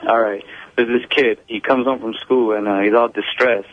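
A man's voice: medium pitch, steady tone, normal speed, no echo. A man calling in to a radio show, telling a long joke in a loose, slangy way. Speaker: caller. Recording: muffled phone-line call.

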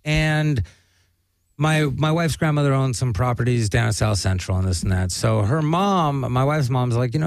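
A man's voice: medium pitch, animated, normal speed, vocal fry, no room sound, low-quality recording. A man telling a long, profane story on a casual talk show and acting out the voices of the people in it. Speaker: guest comedian.

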